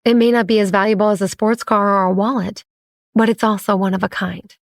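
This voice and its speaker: A woman voicing a composed young woman inventor who speaks calmly and pointedly. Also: mid-range voice, brisk, gravelly, no room sound, studio quality, close to an everyday voice. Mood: poised.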